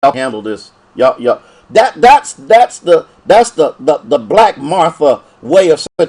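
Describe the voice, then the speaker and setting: A male pastor from Ohio preaching a sermon, repeating phrases in call-and-response fashion. His voice leaps widely up and down and sits slightly high for a man. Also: very animated, unhurried, a little mellow, breathy edge.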